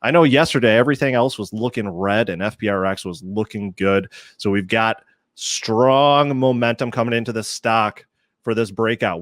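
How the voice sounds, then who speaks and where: A man's voice: mid-range voice, no room sound, studio quality. A man hosting a live stock-trading show, joking and self-mocking as he walks through charts, a little out of breath. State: slightly out of breath. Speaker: host. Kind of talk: live market show chat.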